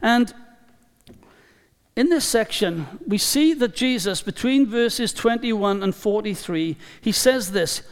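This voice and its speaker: A man preaching a sermon in a church, emphatic and deliberate, repeating key phrases for weight. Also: high-pitched, expressive, clear, resonant tone. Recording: long reverb of a large hall.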